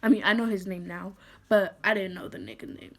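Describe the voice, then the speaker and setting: Young woman halting through a storytime. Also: medium pitch, steady tone. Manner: halting, full of "like" fillers and restarts; somber, emotional retelling. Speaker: vlogger. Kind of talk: storytime vlog.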